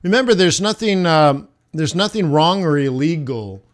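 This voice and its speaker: Brief: male livestream host, smooth and slightly high voice, rambling and self-mocking. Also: animated, moderate pace. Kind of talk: casual livestream chat.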